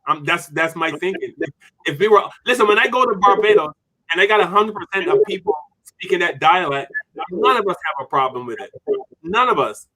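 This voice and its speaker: Casting note: male show host, slightly high voice, bright and lively, dry close sound. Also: brisk, dry recording, rough recording. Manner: animated, reads viewer comments aloud. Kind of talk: casual panel discussion.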